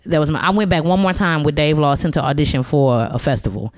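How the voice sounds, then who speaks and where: A woman's voice: deep voice, fast, dry recording. A woman in her forties, a stand-up comedian and guest, telling stories in a casual chat, laughing often and slipping into voices. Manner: animated storyteller, laughs often, slips into character voices.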